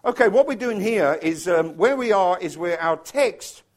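Middle-aged English man, pastor, casual joking sermon, slightly higher voice, mimics others for laughs. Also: expressive, moderate pace. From England. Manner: chatty, joking with the congregation, bursts of mimicry.

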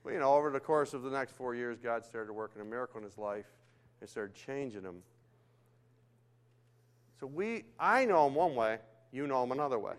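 An older man preaching a sermon, telling stories in a lively way that swings from hushed to loud. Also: medium pitch, normal speed, long pauses, clear, resonant tone. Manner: animated storytelling, swings between hushed and loud.

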